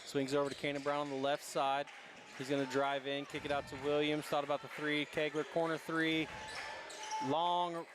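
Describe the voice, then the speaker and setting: Male play-by-play caller, rather high voice with a narrow pitch range, running calls, gym ambience and bouncing balls behind. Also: little pitch movement, background noise. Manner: rapid running calls of each pass. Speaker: play-by-play announcer. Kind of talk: live basketball play-by-play. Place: high school gymnasium.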